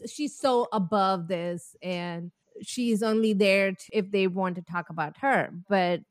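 A woman co-hosting a podcast, explaining things in a relaxed chat and laughing often. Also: mid-range voice, unhurried, dry recording. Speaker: podcast co-host. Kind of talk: casual chat.

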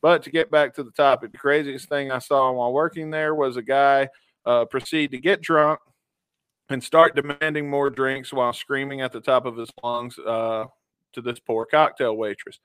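A man's voice: mid-range voice, fairly even intonation, moderate pace, a bit bright, smooth, dry recording. A man co-hosting a casual podcast, reading listener stories aloud in a laid-back way and ranking them. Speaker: podcast co-host.

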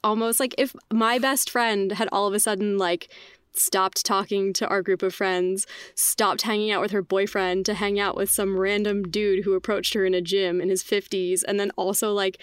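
Chatty young woman with a smooth voice. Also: level tone, normal speed, dry recording, clean studio sound. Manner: chatty, laughs often, acts out quotes in a higher voice. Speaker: podcast guest. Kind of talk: casual chat.

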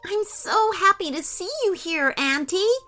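A woman voicing an excitable little girl who dreams of being a superhero, speaking high, eager and dramatic. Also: a little slow, soft background music, exaggerated voice. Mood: excited.

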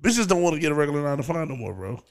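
Blunt, expressive man in casual banter. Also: on the high side, rapid-fire. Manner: blunt, profane, teasing banter. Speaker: podcast guest. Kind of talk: casual podcast chat.

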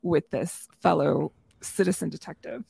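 A woman's voice: low-pitched, animated, normal speed, creaky, warm tone, husky, no echo. A woman co-hosting a podcast, reacting playfully in casual TV recap chat. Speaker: podcast co-host.

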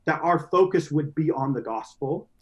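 Brief: young male podcast guest, earnest and reflective, rambling with restarts, voice sitting a little high. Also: expressive, normal speed, highs cut off. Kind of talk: reflective conversational interview.

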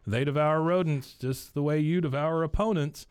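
A man's voice: on the high side, moderate pace, a little mellow, clean tone, dry recording, clean studio sound, voice pushed up, natural voice. A man lightly putting on a nervous, proud middle-aged housewife while retelling a cartoon scene.

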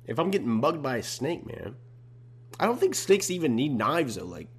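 A man's voice: medium pitch, very animated, moderate pace, breathy edge. Laid-back slangy young man hosting. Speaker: podcast host. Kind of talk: casual solo podcast chat.

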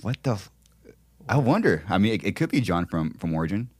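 Very deep-voiced man, lively and jokey. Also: slightly rough. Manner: jokey, laughs often, quick reactions. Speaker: podcast host. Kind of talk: casual conversation.

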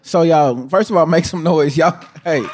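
A man's voice: on the high side, normal speed, noisy background. A man co-hosting a live talk show, breaking down a guest's words in an emphatic, preacherly way that often repeats itself. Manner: emphatic, repeats himself, checks in with listeners. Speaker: podcast co-host. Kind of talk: hype-filled preacherly commentary.

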